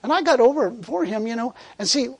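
A man's voice: very high voice, expressive, fast, slightly rough. A man preaching a sermon in a fervent, conversational way, repeating words and laughing as he tells a story.

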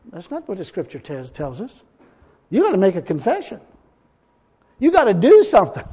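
A man's voice: high-pitched, big pitch swings, moderate pace, warm tone, slightly rough. A man preaching a sermon, emphatic, reading scripture aloud and acting out what people say. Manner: emphatic, reads scripture aloud, acts out quotes. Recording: long hall reverb.

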